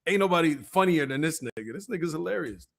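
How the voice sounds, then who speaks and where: A man's voice: a little high, expressive, fast, creaky. A man hosting a stream, giving laid-back, amused streetwise commentary. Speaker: livestream host. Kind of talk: casual commentary chat.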